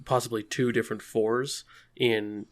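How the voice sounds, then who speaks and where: A man on a podcast leans hard on the words that matter and drops dry, self-mocking asides. His pitch sits in the middle of the usual range. The tone is casual and talky. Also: flat delivery, a little slow. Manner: emphatic, self-ironic, stresses key words. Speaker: podcast co-host.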